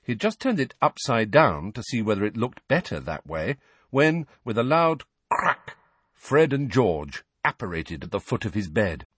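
A man narrating an audiobook in an expressive, husky voice. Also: lowish voice, measured pace, no echo.

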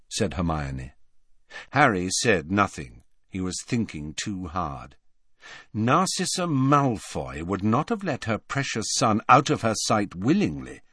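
A man reading a story aloud as a narrator, with an expressive, varied storybook delivery. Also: on the low side, breathy edge, no room sound, studio quality. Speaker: audiobook narrator. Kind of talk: scripted narration.

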